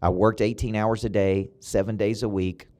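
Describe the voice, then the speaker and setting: A middle-aged man with a Southern US accent giving a motivational podcast monologue, punchy and emphatic with a preacher-like cadence and sudden loud peaks. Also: lowish voice, level tone, normal speed. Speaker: motivational coach and podcast host. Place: his own podcast studio building.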